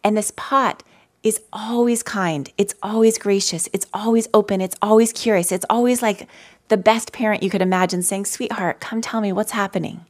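A woman telling personal stories in a gentle, conversational way as she leads a live mindfulness talk for an audience. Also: mid-range voice, moderate pace. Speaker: mindfulness teacher. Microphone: handheld mic.

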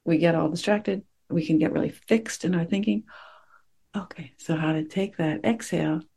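A woman meditation teacher speaks to her class in a gentle, reflective way, pausing often to find her words. Her voice is warm and mellow, with a gravelly edge and a husky, breathy grain. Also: on the low side. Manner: gentle, reflective, searching for words with many pauses. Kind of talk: dharma talk to a class.

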